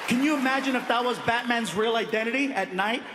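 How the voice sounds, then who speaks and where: A man in his late thirties telling stand-up stories in an animated, loud, playful way on a large theater stage. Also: very high-pitched, a little fast. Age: 30s. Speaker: stand-up comedian. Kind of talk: stand-up storytelling. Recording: echoey hall with crowd noise.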